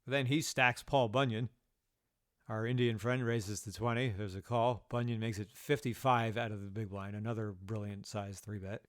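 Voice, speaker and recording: A man telling poker stories in a casual vlog, swearing often and quick to rant in exasperation. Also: on the low side, fairly even intonation. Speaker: poker player.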